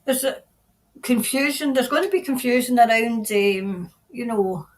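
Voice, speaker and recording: A middle-aged woman giving a spontaneous tarot reading, earnest and halting, often repeating her phrases. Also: a little high, poor audio. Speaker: tarot reader.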